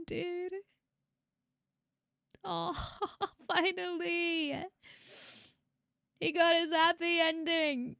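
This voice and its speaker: A woman's voice: very high-pitched, flat delivery, extremely slow, gravelly, long pauses, a bit bright, dry recording, clean studio sound. A woman VTuber streaming a casual reaction, emotional, laughing often and swearing freely.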